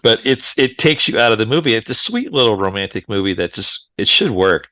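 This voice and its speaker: A man's voice: fairly low pitch, big pitch swings, fast, sharp tone, dry recording. A man hosting a casual movie podcast, often laughing and passing the turn to his co-hosts. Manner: laughs often, moderates turns. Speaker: podcast host.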